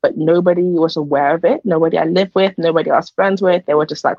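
A young woman shares her story in an earnest, chatty way, with plenty of fillers along the way. Her voice is slightly husky. The recording is dry and somewhat dull and lo-fi. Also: fairly low pitch, fast talker, no room sound. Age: young adult. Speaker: podcast guest. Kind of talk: casual personal testimony.

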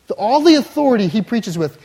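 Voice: mid-range voice, very animated, fairly quick, warm tone, husky. Emphatic preacher, mid-range voice, builds with repetition; big reverberant hall. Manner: emphatic, builds with repeated phrases. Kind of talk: sermon.

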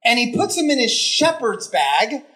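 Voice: mid-range voice, sing-song, measured pace, a bit bright. A preacher delivering a conversational sermon, retelling a scripture story with emphatic repetition and rhetorical questions. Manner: emphatic, repeats phrases for effect.

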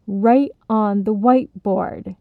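A woman voicing a bossy, excitable young woman who cuts in sharply, in a storybook reading. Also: mid-range voice, slow, no echo. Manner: sharp, commanding. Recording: slightly dull, dry recording.

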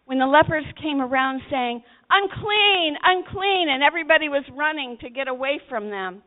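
Woman preaching to teenagers, dramatic storytelling, sounds like it's coming over a phone line. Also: high voice. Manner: dramatic storytelling with acted-out voices. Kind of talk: sermon to teenagers. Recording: tinny phone-like recording.

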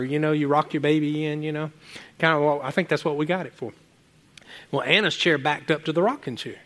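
A man preaching a sermon, telling animated stories from home with many restarts and asides to the congregation. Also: high-pitched. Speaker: pastor.

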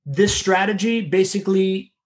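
A man in casual conversation who talks quickly and rambles through restarts, dropping the occasional swear word. His voice sits a little higher than most men's. He speaks as a business consultant.

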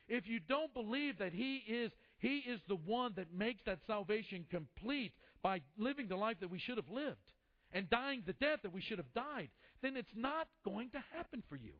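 A man in his fifties preaching a sermon, impassioned, swinging from loud peaks down to a hush. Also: high voice, muffled recording. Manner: impassioned, rising then dropping to a hush. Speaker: pastor.

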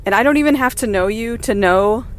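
A woman's voice: fairly high pitch, fairly quick, a little hiss or hum. A woman hosting a podcast, talking candidly and encouragingly from her car, laughing now and then. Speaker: podcast host and mother. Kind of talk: casual personal monologue. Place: in a car while driving.

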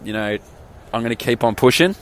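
A man's voice: mid-range voice, expressive, a little fast, a little hiss or hum. A man with an Australian accent, chatting alone on a podcast in a candid, rambling way and swearing casually. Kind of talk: solo podcast chat.

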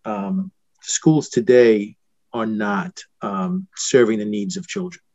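A middle-aged man hosts an interview, putting earnest, searching questions to his guest in halting phrases full of restarts. His voice sits at an ordinary pitch for a man. The recording is dull and slightly lo-fi, with a very dry sound. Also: big pitch swings, darkish tone, dry recording. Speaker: podcast host.

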